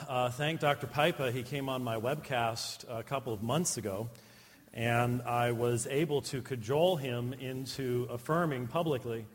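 A man giving a conference lecture to a live audience, with humorous, self-deprecating asides. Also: mid-range voice. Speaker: conference speaker. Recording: long hall reverb.

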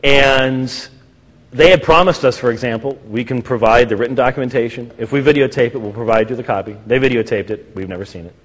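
Man, mid pitch, speaker telling anecdotes in a reverberant hall. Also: a little fast. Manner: animated storytelling, acts out quotes. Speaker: speaker presenting to an audience. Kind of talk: lecture with anecdotes. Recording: echoey hall.

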